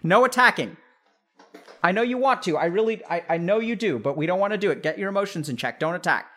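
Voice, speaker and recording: A man with a notably high voice talks casually to a live chat, coaching his listeners step by step. He keeps checking in with rhetorical questions as he goes. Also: animated, fast talker, pushed and bright. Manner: direct, coaching, frequent rhetorical check-ins. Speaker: podcast host giving mental health advice.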